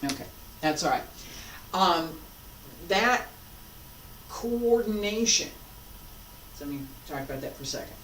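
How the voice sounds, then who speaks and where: A woman teaching a martial arts class, calmly coaching breath and movement and repeating cues. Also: lowish voice, unhurried, long pauses. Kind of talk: class instruction while practicing. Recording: roomy, from a distance with faint noise.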